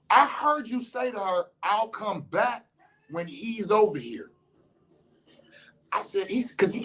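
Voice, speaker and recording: A man's voice: high voice, pushed and bright. A man telling a story in casual slangy speech, cursing freely and acting out what others said. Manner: slangy, profane, acts out the voices of others. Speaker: storyteller recounting an encounter.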